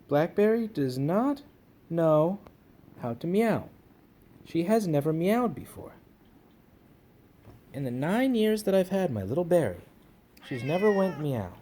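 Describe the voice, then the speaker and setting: A man's voice: fairly high pitch, dark tone, a little hiss or hum. A man casually introducing his pet kitten on a vlog, coaxing his cats in a sing-song way.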